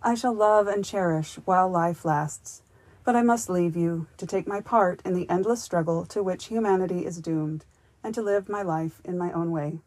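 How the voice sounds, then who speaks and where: Claus as a solemn, earnest young man, formal and grateful in tone, delivered in a lowish, dry voice with nothing echoing behind it, as a woman reads him in a storybook audiobook. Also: normal speed, a little mellow, close to an everyday voice.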